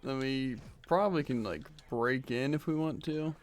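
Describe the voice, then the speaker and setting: In a hot room at home, a man streams a game while losing his voice, chatting casually and rambling with lots of fillers into his desk mic. His voice is mid-range at a moderate pace, with slight background noise.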